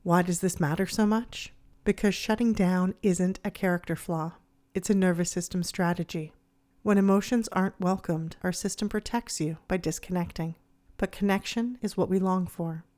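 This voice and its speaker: A woman hosting her podcast, narrating in a calm, gentle, measured way. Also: on the low side. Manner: gentle, soothing, measured delivery. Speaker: podcast host.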